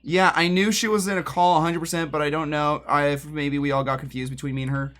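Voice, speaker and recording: Chatty, higher-voiced male streamer. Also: steady tone, fairly quick, fairly bright tone. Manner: rambling, joking, talks straight to chat; drifts away from the mic while moving around. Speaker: livestreamer. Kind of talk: casual livestream chat. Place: home room with a piano.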